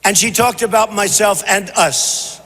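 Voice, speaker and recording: A man giving a campaign rally speech in a large convention hall, punchy and repetitive, often shouting. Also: high-pitched, measured pace. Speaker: presidential candidate. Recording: long hall reverb, faint noise.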